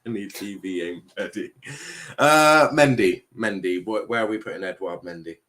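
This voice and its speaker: A man's voice: lowish voice, normal speed, a bit bright. A man hosting a casual football chat stream, laughing often and reading out viewer comments. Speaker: stream host.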